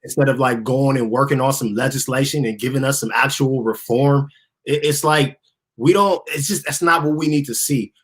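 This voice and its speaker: A man's voice: mid-range voice, breathy edge. A man co-hosting a talk show, giving blunt, slangy political commentary with the odd laugh. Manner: blunt, laughing, slangy, slows to stress points. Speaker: co-host.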